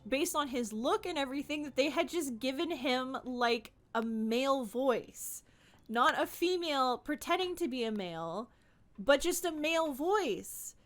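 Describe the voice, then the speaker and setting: A young woman streamer giving casual, animated gaming commentary, ranting and giggling. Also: high voice.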